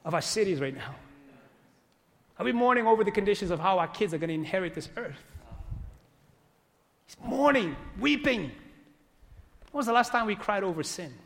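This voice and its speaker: A man preaching a sermon as pastor, swinging from loud exhortation to hushed, earnest pleading. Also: sits high, big pitch swings, normal speed, gravelly, pauses often, long reverb tail. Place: church sanctuary.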